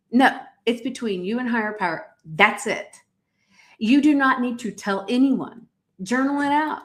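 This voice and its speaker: A middle-aged woman hosting a live-streamed motivational podcast. She talks emphatically and repeats her key lines the way a preacher does. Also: a little high. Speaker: podcast host.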